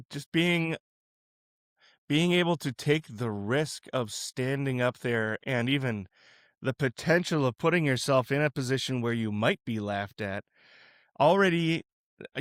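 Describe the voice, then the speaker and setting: A man's voice: medium pitch, dry recording. Chatty male podcast host, dry sound. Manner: relaxed, chatty, musing aloud with restarts. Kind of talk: casual Christian podcast interview.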